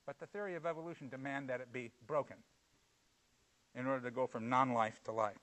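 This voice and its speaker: A man preaching a sermon, swinging between loud, emphatic points and quiet, low asides. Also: brisk, rough recording.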